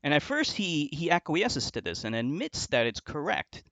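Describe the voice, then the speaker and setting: A man's voice: on the high side, big pitch swings, normal speed, pushed and bright, dry recording. A man hosting commentary, talking with contempt and often restarting his sentences. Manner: contemptuous and insulting, with frequent restarts. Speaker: commentary video host. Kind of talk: scornful commentary reacting to an online argument.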